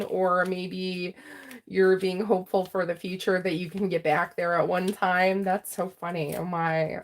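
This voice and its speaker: A woman giving a casual tarot reading to her viewers. She talks in a chatty way with lots of fillers, keeps checking in with "right?" and "okay?", and laughs often. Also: medium pitch. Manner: laughs often and gets emotional while reading. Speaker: tarot reader.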